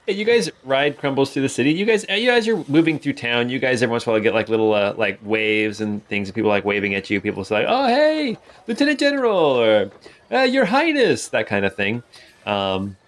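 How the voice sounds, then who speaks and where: A man narrating a tabletop game as game master, relaxed, with many fillers. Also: lowish voice, fast talker.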